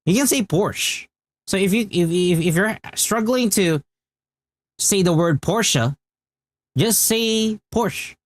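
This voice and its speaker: A man's voice: sits high, animated, slow pace, dry recording. A man streaming a game, chatting casually and explaining at length, with frequent restarts. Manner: rambling and explanatory, with many restarts. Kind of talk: casual live-stream chat.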